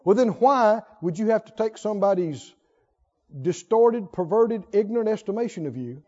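High-voiced guy preaching, lively, laughs a lot, keeps asking the crowd stuff, muffled recording. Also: moderate pace. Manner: animated, laughing often, rhetorical questions, calls for responses. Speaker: pastor. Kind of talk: sermon. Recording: dull lo-fi recording.

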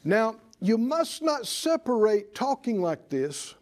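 A man preaching a sermon in an animated way, asking the congregation to answer back and mimicking worried voices. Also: sits high, takes it slowly.

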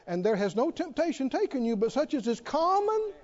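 Extremely high in pitch, brisk and a little mellow, this pastor's sing-song voice carries a humorous story through his sermon. He animatedly calls for responses from the congregation in a church sanctuary, recorded with dull reverberation.

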